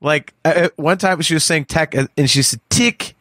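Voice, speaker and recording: A man co-hosting a podcast in casual chat, talking in animated bursts with stammered restarts and frequent laughs. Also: a little high, a little fast, no echo, studio quality. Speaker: podcast co-host.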